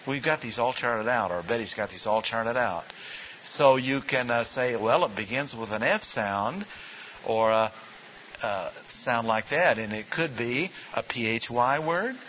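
A man's voice: medium pitch, expressive, measured pace, fairly bright tone. Folksy guy teaching bible class, keeps asking the room questions, faint hiss on a dull old tape. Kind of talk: classroom lecture.

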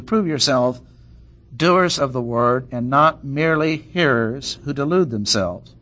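A man's voice: medium pitch, a bit bright. Man teaching a methodical sermon. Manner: methodical, emphatic Bible teaching, reading verses aloud. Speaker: pastor. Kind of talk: expository sermon.

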